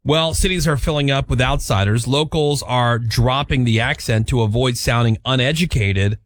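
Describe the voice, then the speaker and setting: A man's voice: mid-range voice, moderate pace, no echo, clean studio sound. Upbeat rambling male radio host. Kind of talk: casual morning radio chat.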